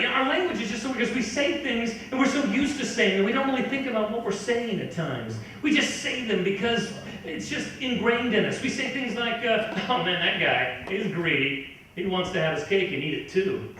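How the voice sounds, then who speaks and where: High, bright-voiced ranting stand-up man. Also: slight background noise. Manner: ranting, incredulous, builds to shouting. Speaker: stand-up comedian. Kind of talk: stand-up comedy set. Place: comedy club stage. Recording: echoey club from far off.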